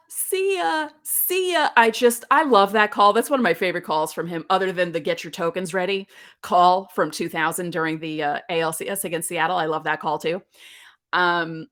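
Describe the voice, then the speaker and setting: A woman in her thirties hosts a solo podcast in a casual, rambling way. Her voice sits a little low, and she tells her story with plenty of chatty asides. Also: fairly bright tone. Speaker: podcast host.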